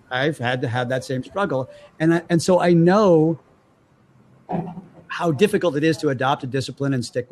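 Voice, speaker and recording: A man's voice: fairly high pitch, a little hiss or hum. A man as an interview guest, chatting casually and acting out the voices of people in his stories. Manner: animated storyteller acting out voices.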